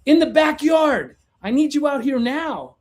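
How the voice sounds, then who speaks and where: A man doing a frantic, high-voiced woman. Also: lively intonation, a little slow, darkish tone. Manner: urgent, high-pitched, insistent. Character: frantic woman homeowner with dying fish.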